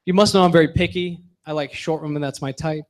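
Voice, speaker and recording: A young man working a stand-up set into a handheld mic, his voice sitting a touch high for a man. He lands lines with a punchy, deadpan delivery and drops low and quiet for his asides. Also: quick pace. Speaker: stand-up comedian. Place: comedy bar stage with live audience.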